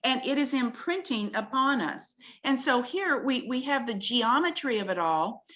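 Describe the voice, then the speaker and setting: A woman's voice: high-pitched, expressive, normal speed, fairly bright tone. A woman, a talk-show guest, earnestly walking through slides of her research in a video-call conversation and explaining each with wonder.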